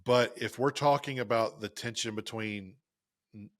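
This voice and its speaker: A man talks through listener questions in a loose, joking way. His voice sits low, and the recording is dry and close with little room sound. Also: unhurried, a bit bright, dry recording. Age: 30s. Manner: easygoing, joking, explanatory. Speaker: podcast co-host. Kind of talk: casual podcast chat.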